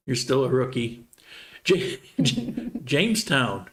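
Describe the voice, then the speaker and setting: Relaxed man hosting a live Q&A. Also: medium pitch, takes it slowly. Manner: relaxed, rambling, reads viewer comments aloud. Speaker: livestream host answering viewer questions. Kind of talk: casual live Q&A chat.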